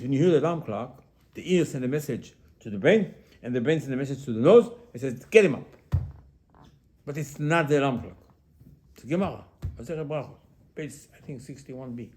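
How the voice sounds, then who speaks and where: A rabbi delivers a sermon in a voice of ordinary middle pitch. He keeps asking his listeners questions and repeats them, with Hebrew religious terms woven into his English. He drops to near-whispered asides, then rises to emphatic points. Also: fast, slight background noise. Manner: loudness swings from hushed to emphatic.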